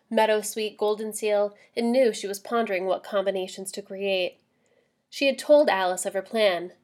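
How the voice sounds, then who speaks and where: A woman reading a novel aloud in a measured storytelling manner. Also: medium pitch. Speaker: story reader.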